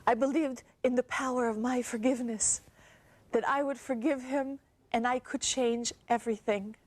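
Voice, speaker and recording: A young actress performing a theatrical monologue as a woman recounting her abusive relationship, halting and wistful. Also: a little high, steady tone, darkish tone, dry recording, close to an everyday voice. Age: young adult. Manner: halting, wistful, with nervous laughs and sighs.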